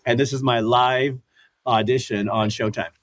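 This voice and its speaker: A man in his fifties, a former fighter and commentator, is the guest in a casual interview. He tells stories animatedly, acting out quotes and laughing often, in a mid-range voice at normal speed with no echo.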